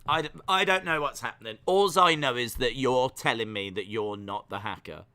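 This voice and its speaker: A man's voice: medium pitch, normal speed, pushed and bright, dry recording. A man co-hosting a casual podcast chat over a video call, teasing and laughing often. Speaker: podcast co-host.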